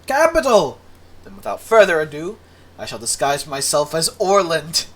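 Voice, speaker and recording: A woman voicing a pompous, flamboyant gentleman adventurer in a video game, with grand, theatrical diction. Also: deep voice, very animated, normal speed. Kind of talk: reading game dialogue aloud.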